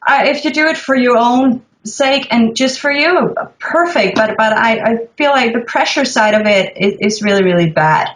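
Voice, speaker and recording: A woman's voice: a little high, normal speed, hardly any pauses, fairly bright tone. A young woman with a Danish accent, a rock vocalist talking candidly as a guest, with some swearing. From Denmark. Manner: candid, swears, laughs easily. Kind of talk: casual interview chat. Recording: echoey room.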